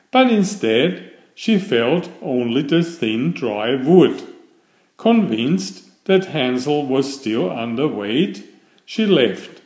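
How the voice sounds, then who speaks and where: A man reading a fairytale aloud in slow, expressive, scripted storybook narration. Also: mid-range voice. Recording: echoey room.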